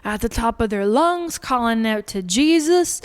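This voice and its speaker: Animated chatty woman storytelling, kinda high voice, lots of "like", long echo tail. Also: unhurried, clear, resonant tone. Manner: animated, jokey, chatty with many "like"s. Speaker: vlogger. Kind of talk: casual storytelling.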